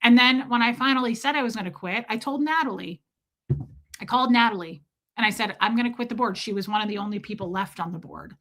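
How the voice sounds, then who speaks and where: A woman's voice: fairly high pitch, fast, a bit bright. A woman hosting a casual livestream, telling a story emphatically and acting out the voices of people in it. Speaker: livestream host.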